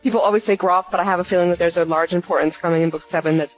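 A woman hosting a live call-in podcast, chatting quickly and laughing often. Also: lowish voice, steady tone, soft background music, rough recording. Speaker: podcast host.

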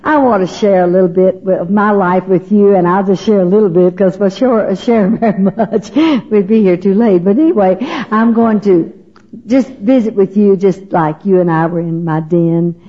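Woman, middle-aged, funny animated storyteller on a lo-fi tape. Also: medium pitch, normal speed. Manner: animated, laughing, acts out voices. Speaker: speaker at a women's gathering. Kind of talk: humorous storytelling talk to an audience. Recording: dull lo-fi recording.

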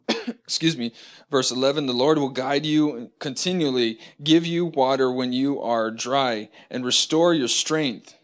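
A man leads a church lesson in a voice of ordinary pitch for a man. He speaks haltingly, stopping and restarting often, then slows into a careful, deliberate reading of scripture. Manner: halting, many fillers and restarts. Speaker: church teacher.

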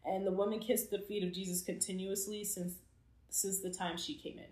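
A woman's voice: medium pitch, fairly quick. A woman hosting a casual Bible study chat, retelling the story with jokes and slang. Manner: animated, joking, retells scripture in slang. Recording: roomy echo.

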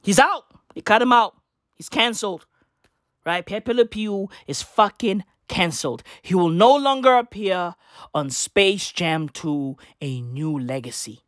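A man's voice: high voice, lively intonation, measured pace, fairly bright tone, dry recording, clean studio sound. A man ranting casually to camera, profane and slangy, rambling with constant rhetorical questions. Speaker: vlogger.

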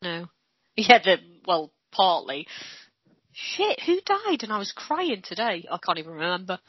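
A woman's voice: mid-range voice, big pitch swings, a little slow, slightly rough, no echo. A woman chatting casually on a video call podcast, telling stories expressively with giggles and casual swearing. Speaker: podcast co-host. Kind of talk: casual chat. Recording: dull lo-fi dry sound.

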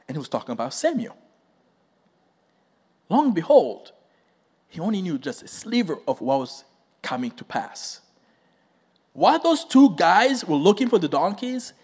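A man's voice: high voice, normal speed. A man preaching a sermon, telling a story with acted-out quotes and questions to the congregation. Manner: animated storytelling, acts out quotes, asks the crowd questions.

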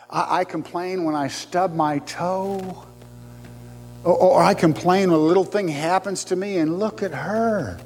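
Male pastor, sermon, somewhat high voice, animated delivery, loud and soft by turns, big echoing hall. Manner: animated preaching, shifting between loud emphasis and quiet asides.

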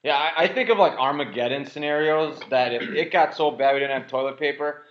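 On a casual podcast, a male co-host talks bluntly about sports and news, swearing often, in a slightly high, slightly fast voice. The audio is roomy, a bit dull, and lo-fi.

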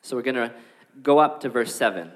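A man preaching a sermon to his congregation, animated and conversational, acting out the excuses with playful voices. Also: medium pitch, brisk. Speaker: pastor. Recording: reverberant hall.

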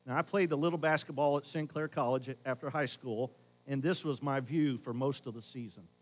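A middle-aged man preaching a sermon as pastor in a conversational way, swinging between loud emphasis and hushed asides. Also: mid-range voice, a little fast, poor audio.

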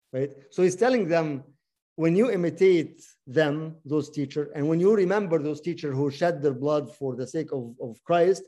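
Mellow man leading a Bible study. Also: fairly high pitch. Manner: repeats words, asks the group questions. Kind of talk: interactive scripture teaching.

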